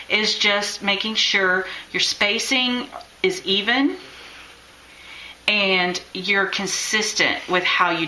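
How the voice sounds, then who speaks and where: A woman's voice: medium pitch, sharp tone, reverberant, a little hiss or hum, rough recording. Chatty woman teaching a craft class. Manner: chatty, encouraging, thinks aloud while drawing. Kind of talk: live-streamed craft lesson.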